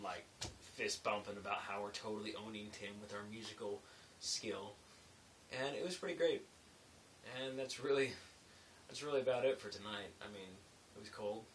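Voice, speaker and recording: A man's voice: on the low side, distant mic, poor audio. A man who works as a construction laborer, telling casual late-night work stories in a loose, rambling way with lots of fillers. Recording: faint hiss, mic set back.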